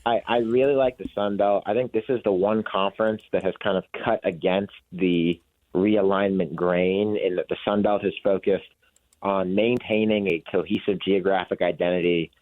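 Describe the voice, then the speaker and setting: Male guest analyst on a phone line, very low voice, thoughtful and measured, dry sound. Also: fairly even intonation, no room sound. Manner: thoughtful, measured, with many fillers. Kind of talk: casual chat.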